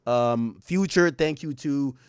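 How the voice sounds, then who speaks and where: A young man hosting a livestream in loose, profane, joking chat, shouting out viewers by city. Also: mid-range voice, takes it slowly, clean tone, no echo, clean studio sound. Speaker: livestream host. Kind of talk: casual livestream commentary.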